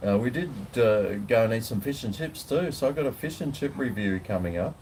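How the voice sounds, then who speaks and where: A man's voice: medium pitch, expressive, fairly quick, darkish tone, slight background noise. An Australian man, a food vlogger, chatting casually and rambling in a laid-back way on a home veranda. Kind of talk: casual live chat.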